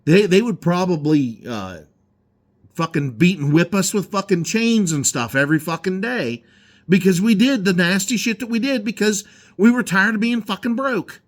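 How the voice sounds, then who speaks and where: A man rants in a rambling, foul-mouthed vlog from an indoor garage. His voice sits a bit high for a man. It lurches up and down as he gets worked up. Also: expressive, normal speed. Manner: profane, heated ranting. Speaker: garage owner.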